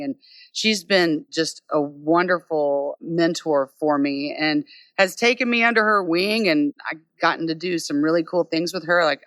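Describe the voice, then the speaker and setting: A woman's voice: sits low, no echo. A woman singer-songwriter talking casually and enthusiastically as an interview guest, on stage at a bar. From United States. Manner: easygoing, enthusiastic, warm praise.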